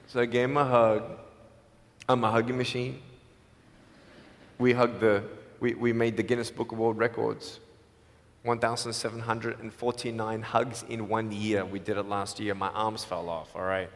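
An Australian man in his thirties giving an animated, jokey motivational speech and acting out the dialogue in his stories. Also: fairly low pitch, moderate pace. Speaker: motivational speaker. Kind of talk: stage speech with storytelling. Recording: reverberant large hall.

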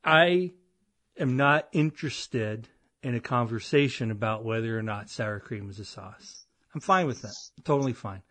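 A man's voice: mid-range voice, normal speed, dry recording. Rambling, chatty male podcast host. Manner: rambling, self-deprecating, animated storytelling. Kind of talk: casual chat.

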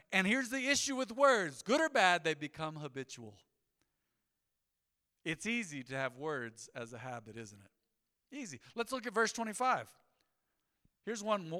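A middle-aged male pastor delivers a sermon in a high, bright voice, moving between quiet asides and animated punchlines. His voice rings out with a long reverb through the church hall. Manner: animated storytelling with rising emphasis. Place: church sanctuary.

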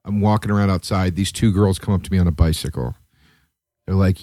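A man hosting a podcast, telling a rambling, profane story in a casual chat and jumping to a high, excited voice at times. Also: brisk, dry recording, clean studio sound. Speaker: podcast host.

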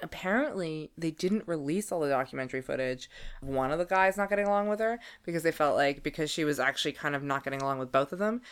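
A woman's voice: deep voice, fast talker, clean tone. A woman co-hosting a podcast, joking and quizzing her co-host in casual chat.

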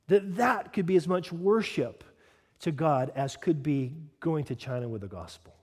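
Man, pastor, sermon, lively swooping delivery, slightly high voice, long hall reverb. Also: measured pace. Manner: animated preaching with conversational asides.

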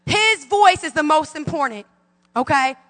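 A woman's voice: high voice, animated, a little slow, a bit bright, in a large hall. A woman in her forties preaching a fervent sermon as pastor, calling out to her congregation in a church sanctuary. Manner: fervent preaching with call-and-response.

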